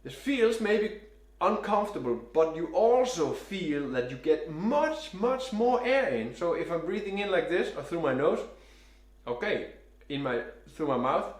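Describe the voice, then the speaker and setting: A man's voice: fairly high pitch, unhurried. Man coaching saxophone breathing, roomy echo. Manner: calm step-by-step coaching, demonstrating as he talks. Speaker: saxophone teacher. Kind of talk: instructional demonstration.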